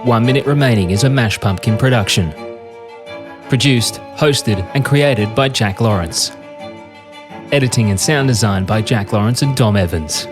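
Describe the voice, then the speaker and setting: A man narrates a scripted documentary podcast in a measured, dramatic way. His voice sits at an average pitch. Guitar music plays clearly behind him.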